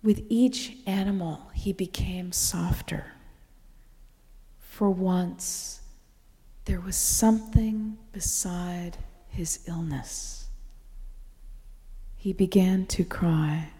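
A woman giving a slow, contemplative spoken reflection to a gathering, often dropping to a breathy whisper. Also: lowish voice, warm tone. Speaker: speaker sharing reflections. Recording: long reverb in a hall.

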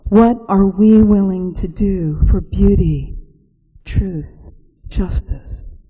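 A woman narrating a reflective spoken essay, slow and hushed, sometimes dropping to a whisper. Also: mid-range voice, breathy edge, long reverb tail, poor audio.

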